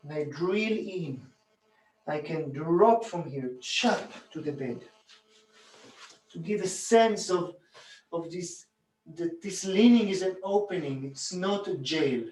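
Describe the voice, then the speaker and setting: Heard from a distance in an echoey space, a male bodywork instructor with a fairly high voice explains his demonstration calmly and without rushing. As he works, he counts aloud and chants rhythmic sounds.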